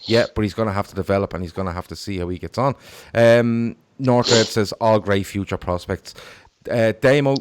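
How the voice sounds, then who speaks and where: A man's voice: fairly low pitch, normal speed, smooth. A man hosting a casual football podcast, talking animatedly and reading out viewer comments. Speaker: podcast host.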